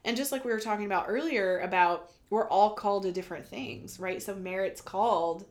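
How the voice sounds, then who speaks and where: A woman guest on a podcast, a medium telling stories in a casual, animated way and acting out the voices she quotes. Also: mid-range voice, brisk. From United States.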